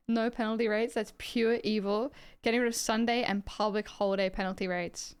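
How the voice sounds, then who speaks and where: A woman's voice: medium pitch, fairly even intonation, brisk, hardly any pauses, smooth. An Australian woman streaming live, chatting casually and rambling as she reacts to her chat and swears freely.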